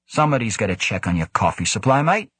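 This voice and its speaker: A man's voice: lowish voice, big pitch swings, fast talker, fairly bright tone, slightly rough, dry recording, heavily acted. A man voicing a brash, cheeky male supply man, breezy and teasing.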